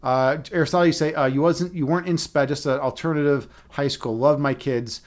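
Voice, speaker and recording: A man in his thirties hosting a live stream, chatting casually with his viewers, rambling through profane, animated stories and laughing at his own jokes. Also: on the high side, fairly quick. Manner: many restarts and fillers, animated storytelling.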